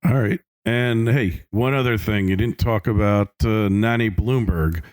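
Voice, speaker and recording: A male podcast host with a fairly low voice runs the interview in an easygoing way. He agrees readily and talks loosely, with frequent fillers. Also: measured pace, darkish tone.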